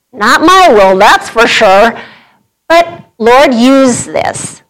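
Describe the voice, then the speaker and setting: A woman's voice: fairly high pitch, expressive, very slow, a bit bright, poor audio. A middle-aged woman, speaking to a women's group in a sermon and telling a personal story conversationally, laughing through the anecdotes.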